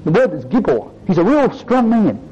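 Man, sermon, earnest and emphatic, fairly high voice, lo-fi sound. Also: very animated, moderate pace, background noise. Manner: earnest, rising and dropping for emphasis, repeats "brothers and sisters". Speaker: preacher. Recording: dull lo-fi recording.

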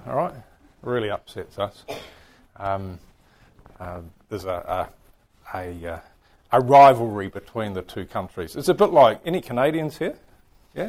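A man with a New Zealand accent teaching a Bible class, chatting and joking with his students. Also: medium pitch. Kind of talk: casual classroom lecture.

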